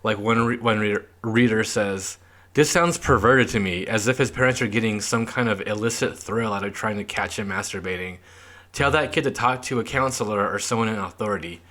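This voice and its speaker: A man's voice: fairly low pitch, brisk, bright, forceful tone. A young man co-hosting a podcast, casually chatting and reading old newspaper clippings aloud with a loose, filler-heavy delivery. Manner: laid-back, reads clippings aloud with lots of "like". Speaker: podcast co-host. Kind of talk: casual chat.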